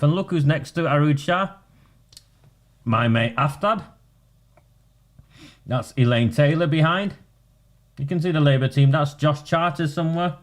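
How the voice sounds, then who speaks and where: A man, a local campaigner talking bluntly and combatively in a casual video. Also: medium pitch.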